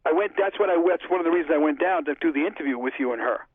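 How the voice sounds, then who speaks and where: Man, interview guest, chatty storyteller, fairly high voice, phone-line sound. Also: lively intonation, rapid-fire. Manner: chatty, retells conversations in dialogue.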